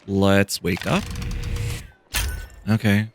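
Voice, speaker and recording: A man's voice: fairly low pitch, drawn-out words, noisy background. A man playing a story game, reading its text aloud and reacting casually as he thinks aloud. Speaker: gamer.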